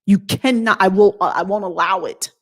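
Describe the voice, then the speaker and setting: A woman's voice: medium pitch, normal speed. A woman vlogger giving a blunt, emphatic motivational talk in a casual way.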